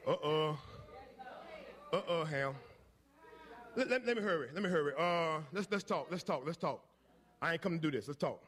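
A man preaching from the pulpit in a strikingly high, piercing voice. His delivery is ringing and forceful, full of repeated phrases and rhythmic build-ups. He drops into low, conversational asides before climbing back into shouted proclamations. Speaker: pastor. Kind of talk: sermon.

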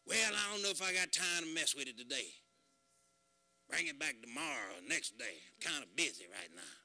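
A man voicing a gruff, busy male mechanic who talks in a curt, offhand way. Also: a little high, lively intonation, moderate pace, sharp tone, voice pushed down, heavily acted. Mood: brushing off. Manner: curt, brushing off, then friendly.

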